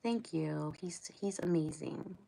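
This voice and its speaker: A woman's voice: fairly low pitch, takes it slowly, gravelly, dark tone. A middle-aged woman from Ohio hosting a casual livestream, rambling and chatting back to viewers' comments. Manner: chatty, rambling, laughs often, talks back to the chat. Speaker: livestream host.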